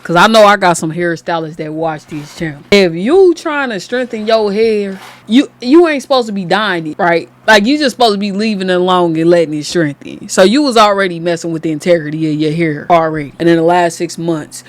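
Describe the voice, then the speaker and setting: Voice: medium pitch, expressive, brisk, hardly any pauses. Blunt commentator, casual, opinionated reaction talk.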